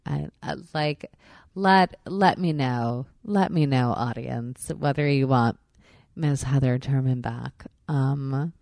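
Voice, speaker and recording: Give me a low-voiced woman hosting a podcast, swearing constantly. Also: slow pace, creaky, a little mellow, no room sound, studio quality. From Long Island, New York. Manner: profane, rambling, full of fillers and restarts. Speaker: podcast host. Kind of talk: casual podcast chat. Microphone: close podcast mic.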